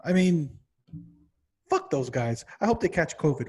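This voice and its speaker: A man with a slightly high, husky voice rants on a casual podcast. He swears constantly and gets more and more exasperated until he is yelling. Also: very animated, a little slow, pauses often. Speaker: podcast co-host. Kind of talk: profane comedic rant.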